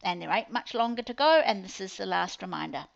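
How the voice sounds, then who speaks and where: A woman's voice: medium pitch, expressive, a little fast, vocal fry, lo-fi sound. A woman with a New Zealand accent, a business coach giving an upbeat, chatty promotional talk to her clients. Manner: chatty, upbeat sales patter with playful asides.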